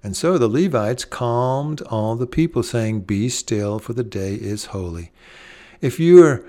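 A man preaching a sermon in an earnest way, slowing down and pausing, and dropping soft on key phrases. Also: lowish voice.

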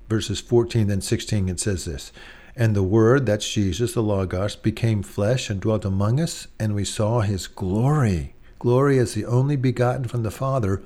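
A man preaching a sermon, earnest and reflective, drawing listeners in with gentle hushed passages. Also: fairly low pitch.

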